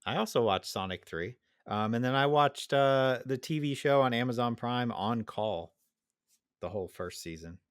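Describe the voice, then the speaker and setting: A man's voice: mid-range voice, animated, normal speed, smooth, no room sound, clean studio sound. A man co-hosting a casual gaming podcast, mostly giving short replies and asides. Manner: brief replies and backchannel. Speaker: podcast co-host.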